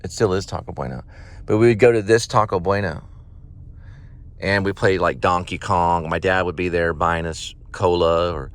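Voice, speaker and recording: A man's voice: deep voice, moderate pace. A man talking in a rambling, meandering way while driving around, reminiscing as he goes. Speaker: vlogger.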